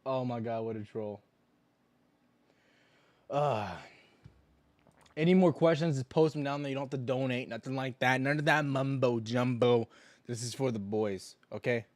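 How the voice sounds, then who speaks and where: A young man hosting a casual stock trading livestream, rambling and joking in slang, with sudden loud mocking bursts. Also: mid-range voice, normal speed, pauses often, dry recording.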